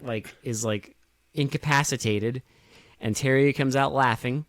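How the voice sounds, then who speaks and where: A man co-hosting a podcast in relaxed, wry chat, cursing and laughing as he goes. His mid-pitched voice is recorded close and dry, with no room sound. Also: measured pace, dry recording. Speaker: podcast co-host. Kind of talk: casual chat.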